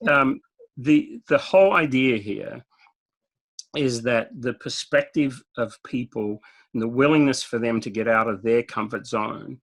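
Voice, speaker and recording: The speaker is an Australian man being interviewed casually, and he's direct, given to storytelling and frequent chuckles. His medium-pitched voice is unhurried, and the recording quality is rough.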